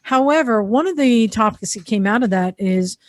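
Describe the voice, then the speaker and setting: A woman's voice: fairly high pitch, animated, moderate pace, no room sound. A woman co-hosting a casual motorcycle podcast, chatty and running her news together in long strings of "and then". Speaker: podcast co-host. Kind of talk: casual chat.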